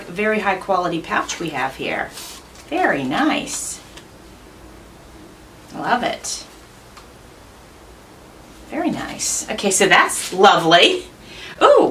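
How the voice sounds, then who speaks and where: A woman's voice: medium pitch, a bit bright, distant mic, slight background noise. A woman hosting her own craft channel, chatting through an unboxing with gushing enthusiasm. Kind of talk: unboxing narration.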